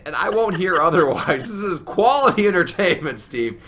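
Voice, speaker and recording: A man co-hosting a comedy podcast, talking in deadpan, sarcastic casual banter. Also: sits high, normal speed. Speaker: podcast co-host.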